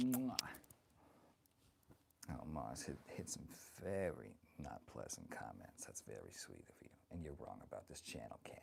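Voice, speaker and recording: A man's voice: very deep voice, heavily acted. A man voicing a crude, flirty grandmother of great age who teases her viewers and calls them honey, chatting with his stream audience in character. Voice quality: gravelly. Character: crude flirty ancient grandmother, bawdy and vain. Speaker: livestreamer. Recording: noisy background.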